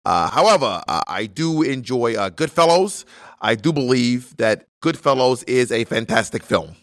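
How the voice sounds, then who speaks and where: A man doing an impression of an elderly male senator, slow and halting, full of "uh"s and offended dignity. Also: mid-range voice, expressive, no room sound, studio quality, natural voice. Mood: indignant. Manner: slow, halting delivery with many "uh"s.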